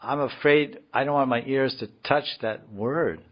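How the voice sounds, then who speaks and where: A man's voice: medium pitch, lively intonation, moderate pace, voice pushed up, natural voice. A man voicing a panicky male renunciate who is afraid of hearing about women, speaking in a jittery way in a dull, lo-fi recording.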